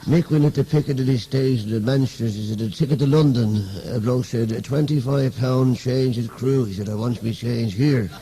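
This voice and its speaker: A young Irish man, a comedian, telling stand-up jokes as rapid-fire one-liners and switching into the voices of the people in them. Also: mid-range voice, warm tone, slight background noise. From Ireland. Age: young adult.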